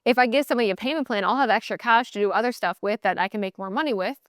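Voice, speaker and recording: A woman hosting a podcast, giving blunt, animated sales coaching in a casual motivational talk. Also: on the high side, racing, no echo, studio quality. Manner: blunt, animated, mimics voices in quotes.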